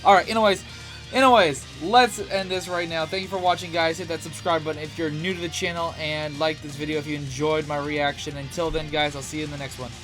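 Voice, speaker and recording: A man's voice: on the high side, fairly even intonation, brisk, music in the background. A man hosting a reaction video, chatting casually and rambling with lots of fillers and the odd swear word. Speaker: reaction channel host.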